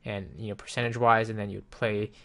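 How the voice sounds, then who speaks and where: A man casually demonstrating a program on screen, explaining each step in a relaxed way with frequent ums and you-knows. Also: on the low side, quick pace, creaky. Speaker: software reviewer. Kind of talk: casual screen-recorded software walkthrough. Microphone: desktop microphone with headphones.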